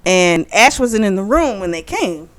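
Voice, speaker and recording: A woman's voice: mid-range voice, unhurried. Woman chatting through a plot recap. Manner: animated retelling full of "like" and "you know". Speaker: book club reviewer.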